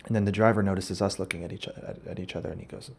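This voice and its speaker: A man's voice: deep voice, fairly even intonation, racing, vocal fry, husky. A man hosting a podcast, telling a rambling, absurd comic story and often breaking off to correct himself. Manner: rambling, absurd, self-interrupting. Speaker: podcast host. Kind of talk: comedic storytelling monologue.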